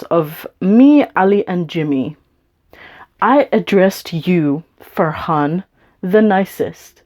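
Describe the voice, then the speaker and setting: A woman rants straight into her camera, swearing hard and dripping with sarcasm. Her voice is mellow and dark in tone, and she talks to the camera as if the person she is angry with were sitting in front of her. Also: on the low side. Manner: profane, sarcastic and confrontational. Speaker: YouTuber.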